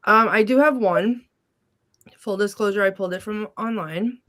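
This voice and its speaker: A woman's voice: mid-range voice, normal speed, fairly bright tone. Hesitant woman in casual podcast chat. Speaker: podcast co-host.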